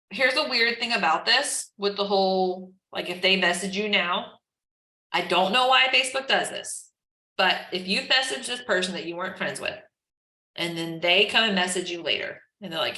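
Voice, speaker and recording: Lady teaching her team, lots of "like", bright voice, roomy echo. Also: medium pitch, normal speed. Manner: chatty, lots of "like", acts out chat messages. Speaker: team trainer. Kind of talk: casual live training session.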